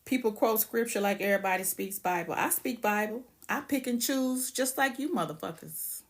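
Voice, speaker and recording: A woman's voice: medium pitch, moderate pace. A woman hosting a casual livestream, ranting bluntly and profanely and greeting viewers by name. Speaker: livestream host.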